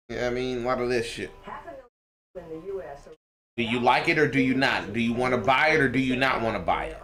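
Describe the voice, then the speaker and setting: A man live-streaming while trading stocks, talking in a casual, profane and rambling way. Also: mid-range voice.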